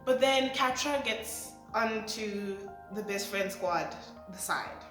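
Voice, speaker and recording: A woman in her twenties talking through a show review, excitable and rambling with lots of fillers. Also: medium pitch, takes it slowly. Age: 20s. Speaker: vlogger. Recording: echoey room, faint music.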